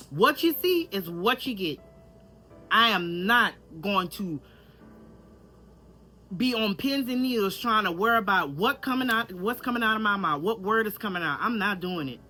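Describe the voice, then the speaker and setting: A woman's voice: medium pitch, sharp tone. A woman with a country Louisiana accent, talking candidly and casually to her viewers in a vlog. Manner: candid, chatty, repeats herself, addresses viewers directly. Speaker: vlogger. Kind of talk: casual vlog talk to camera.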